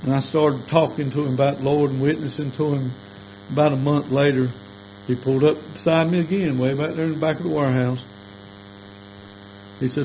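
A man's voice: fairly high pitch, steady tone, fairly quick, dark tone, a little hiss or hum, rough recording. An older man, preaching a sermon as a folksy, plainspoken storyteller.

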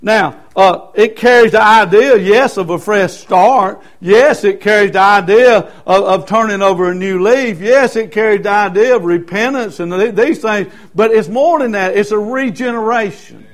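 A man's voice: high-pitched, moderate pace, few pauses. A middle-aged man preaching a Baptist sermon with emphatic repetition. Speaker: Baptist pastor.

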